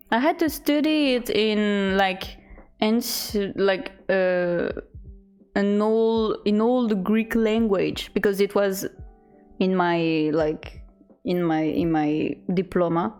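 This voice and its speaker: Slow, giggly young woman streamer. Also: a little high, darkish tone. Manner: chatty, halting, giggly. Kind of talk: casual chat reading out chat messages.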